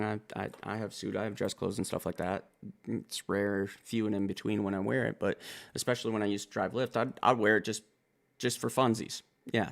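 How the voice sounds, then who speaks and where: A man from Wisconsin hosting a music reaction video, talking in blunt, profane, excitable bursts. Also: on the low side, vocal fry. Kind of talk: casual reaction commentary.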